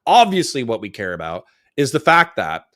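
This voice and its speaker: A man's voice: mid-range voice, very animated, moderate pace, a bit bright. Guy streaming, reacting to a clip, blunt and sarcastic, swears a lot. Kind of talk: casual livestream commentary.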